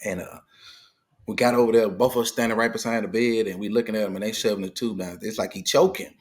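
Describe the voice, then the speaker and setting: Speaking quickly in a lowish voice, this middle-aged guest animatedly retells a story during casual conversation. He performs the quoted dialogue, playing each person himself.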